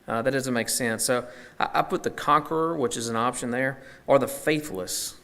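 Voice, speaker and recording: A man's voice: medium pitch, moderate pace, a bit bright. A man leading a Bible study, teaching conversationally and thinking aloud with frequent fillers and restarts.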